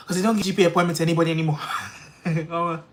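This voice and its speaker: A woman's voice: fairly low pitch, fairly even intonation, very fast, crowd noise. A woman, chatting animatedly while doing her makeup on a livestream, full of quoted voices and laughter. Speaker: beauty livestream host.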